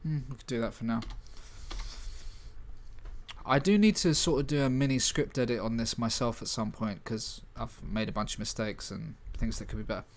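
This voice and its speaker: Man, streamer, mid-pitched voice, halting, self-correcting, casual. Suits relaxed commentary while working. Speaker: livestream host and scriptwriter. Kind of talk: casual livestream chat, reading a script aloud.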